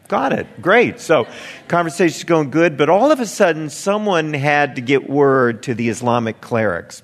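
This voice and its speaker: A man speaks as a missionary sharing his testimony, retelling events as though chatting with friends. He acts out the dialogue of the people he met and adds wry asides. His voice sits at a middling pitch and carries a long reverb, as if he is speaking in a large hall. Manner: conversational, animated retelling with quoted dialogue and wry humor. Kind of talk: spoken testimony storytelling.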